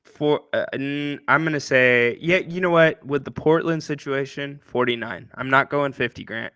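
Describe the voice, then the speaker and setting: A man's voice: medium pitch, moderate pace, pushed and bright, clean tone, dry recording, studio quality. A man co-hosting a sports radio show, chatting in an easygoing, agreeable way. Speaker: radio co-host. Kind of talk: casual sports chat.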